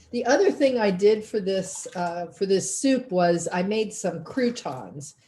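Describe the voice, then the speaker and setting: Woman, cooking instructor, folksy and chatty, video call audio, mid-pitched. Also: lively intonation, slow pace, mellow. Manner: chatty and folksy, thinking aloud. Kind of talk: online cooking class.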